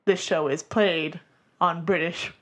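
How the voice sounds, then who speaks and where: A woman's voice: on the low side, steady tone, slow pace. A woman from North Carolina co-hosting a casual chat show. She jokes around and laughs often. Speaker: co-host.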